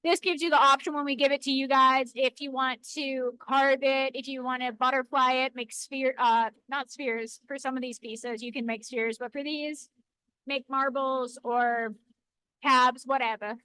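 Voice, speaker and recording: A woman with a high voice chats playfully while filming on a handheld camera in an indoor workshop. She talks loosely, correcting herself mid-sentence as she shows off cut stones. The sound is close and dry. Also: fairly even intonation, moderate pace, pushed and bright, clean tone, dry recording, low-quality recording. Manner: chatty, playful, self-correcting. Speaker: lapidary shop co-host filming. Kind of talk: casual chat while demonstrating. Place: indoor workshop by a rock saw.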